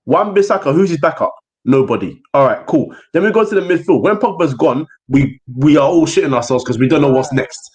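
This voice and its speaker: A young man holds forth on his football podcast in quick, slangy banter. His voice sits a little high and swings widely up and down, and he acts out other people's words as he argues. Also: lively intonation, a little mellow. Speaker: podcast host.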